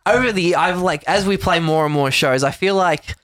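A man's voice: a little high, normal speed, fairly bright tone. A man in casual podcast chat, chiming in with short agreements.

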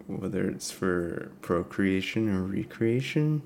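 A man's voice: sits low, animated, slow, creaky, darkish tone, a little hiss or hum. A man co-hosting a podcast, chatting casually about music with hesitant, laughing, self-correcting talk. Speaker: podcast co-host.

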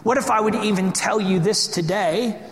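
A man preaching a sermon with a high, ringing voice that bounces around a large echoing hall. He drives his points home with emphatic, impassioned phrasing and keeps asking the congregation questions. The long reverb trails behind every line. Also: normal speed. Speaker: pastor.

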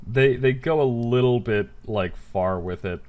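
A man's voice: medium pitch, a little slow, phone-quality sound. A young man co-hosting a casual chat, talking in stumbling restarts and swearing freely.

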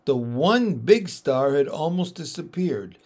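A man reading a children's storybook aloud, slow and expressive. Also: a little high, breathy edge. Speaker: audiobook reader. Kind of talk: storybook narration.

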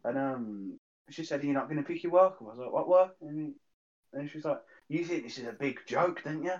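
A man's voice: fairly high pitch, expressive, a little fast, darkish tone. A young man telling school stories in casual chat, acting out the voices he quotes and swearing freely. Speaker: guest, childhood friend. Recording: dull lo-fi sound.

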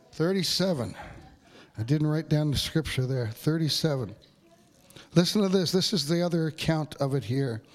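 A pastor preaching a sermon in a church, talking to the congregation in a loose, conversational way with fillers and asides. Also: male voice. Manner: builds to excited, higher-pitched preaching.

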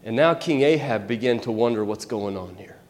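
A man preaching a sermon, retelling a Bible story in an animated, conversational way with asides. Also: mid-range voice, normal speed, in a large hall.

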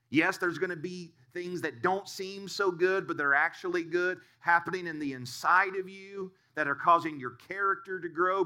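A man's voice: high voice, bright, forceful tone. A male pastor giving a sermon and telling stories in an earnest way. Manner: storytelling, earnest.

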